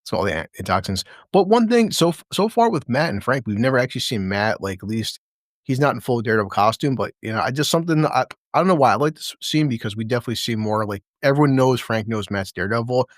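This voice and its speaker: A man's voice: mid-range voice, quick pace, no echo, clean studio sound. A man in casual chat recapping a TV episode, swearing freely and acting out the characters' lines. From American Midwest. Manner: profane, animated, acts out lines from scenes. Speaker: podcast host.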